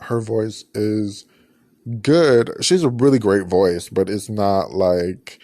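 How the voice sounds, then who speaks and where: Low-voiced man chatting casually. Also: takes it slowly, warm tone, no room sound, clean studio sound. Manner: chatty, rambling, frequent fillers and self-corrections. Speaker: podcast host. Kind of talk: casual review chat.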